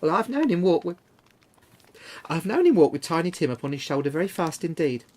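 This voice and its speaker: Man voicing a gentle grieving mother. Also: on the high side, brisk, voice pushed up, close to an everyday voice. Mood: tender. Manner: soft, steady, tender.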